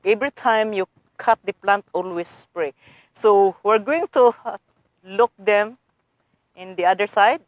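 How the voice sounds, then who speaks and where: A gardening vlogger shows viewers her garden work in a casual how-to video, eager and chatty, often calling them guys, with non-native phrasing. Her voice is mid-range, with no room sound and a dull quality.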